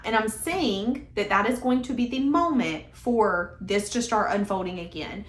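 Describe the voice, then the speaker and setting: Woman doing a casual tarot reading, talky and emphatic, roomy echo around her. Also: a little high. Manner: chatty, emphatic, conversational. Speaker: tarot reader. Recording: echoey room.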